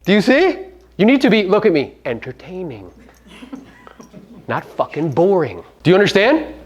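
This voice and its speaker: A man's voice: sits high, big pitch swings, normal speed, dull audio. A middle-aged man giving a brash, profane seminar talk, firing rhetorical questions at his audience. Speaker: real estate business owner giving a media talk.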